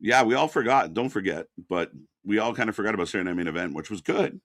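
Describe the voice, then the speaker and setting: A man's voice: on the low side, lively intonation, fast, fairly bright tone, dry recording. Man co-hosting with a dry close sound. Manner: agreeable, backs up co-host with short replies, runs chat points contest. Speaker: co-host of a live wrestling watch-along stream. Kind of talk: casual live-stream chat.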